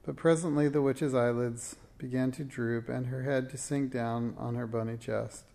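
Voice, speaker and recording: A man reads a children's storybook aloud at a steady, gentle pace. His voice is mellow and dark with a gravelly texture underneath. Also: mid-range voice, moderate pace. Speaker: reader. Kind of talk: storybook read-aloud narration.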